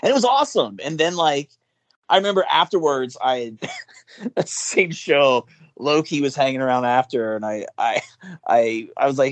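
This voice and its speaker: Man guest, casual chat, animated storyteller who laughs and swears freely, dry close sound. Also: medium pitch, moderate pace, no room sound.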